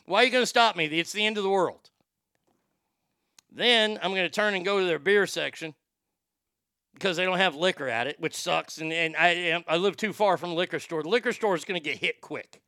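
Male host, profane rambling comic rant, tense bright voice, dry close sound. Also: sits high, a little fast, no echo. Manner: crude, rambling, stammers and repeats words. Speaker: show host.

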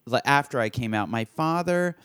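A man's voice: medium pitch, expressive, moderate pace, a bit bright, clear, resonant tone, no room sound, clean studio sound. A man in casual conversation, talking freely and filling his speech with "like" and "right?". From United States. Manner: talkative, fills with "like" and "right?".

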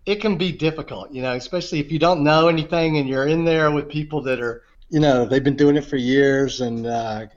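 A man telling an anecdote in casual conversation, animated and self-deprecating, filling pauses with "you know". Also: on the high side. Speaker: guest. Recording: dull lo-fi sound.

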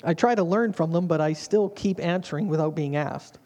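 A man's voice: on the high side, moderate pace, darkish tone. A man preaching a sermon as a pastor, in a humorous, conversational way.

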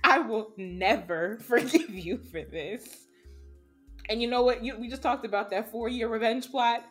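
A woman's voice: fairly high pitch, unhurried, soft background music. A young adult woman co-hosting a podcast, talking in a blunt, emphatic, casual way and swearing freely. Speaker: podcast co-host.

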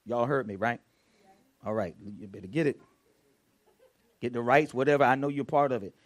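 A man preaching a prayer sermon as pastor, repeating phrases and swinging from soft murmurs to loud shouts. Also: medium pitch. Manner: repeats phrases, drawn-out emphatic delivery.

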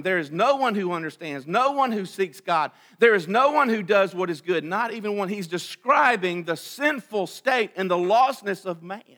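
A man preaching a sermon as pastor, emphatic, repeating phrases and swinging between loud outbursts and hushed passages. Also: high voice.

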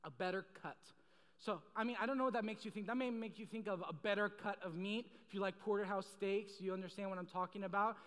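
A young man with a high voice preaches in a large hall, and the sound rings with a long reverb. He jokes, tells stories and calls out to the crowd in a casual, lively way. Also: quick pace. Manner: casual, joking, animated storytelling with the crowd. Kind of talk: sermon.

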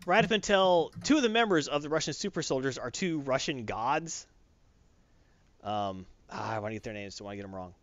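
A man casually recapping a comic book story on a podcast, acting out the characters' lines in quick voices. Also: medium pitch, animated, fairly bright tone. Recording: dull lo-fi dry recording.

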